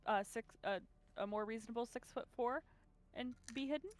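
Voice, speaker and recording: A woman's voice: fairly high pitch, normal speed. A woman plays a tabletop game, chatting casually. She keeps asking the game master rules questions. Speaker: player.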